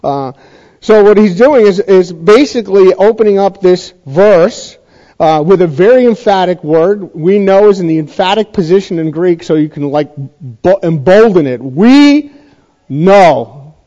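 A man's voice: high voice, normal speed, mellow. A man teaching a Bible passage to a congregation in a conversational sermon style, often checking in with his listeners and repeating points for emphasis. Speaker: pastor teaching a Bible study. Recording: dull lo-fi recording.

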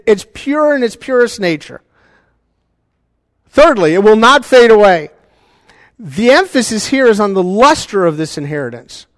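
A man preaching a sermon as a pastor, animated and conversational, with joking asides to the congregation. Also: high voice, no echo, clean studio sound, long reverb tail.

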